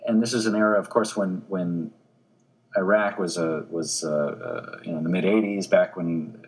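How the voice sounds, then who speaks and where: Low-voiced man telling a story. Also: moderate pace, poor audio. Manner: animated storyteller with frequent restarts. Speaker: newspaper obituary editor, guest. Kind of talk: conversational interview anecdote.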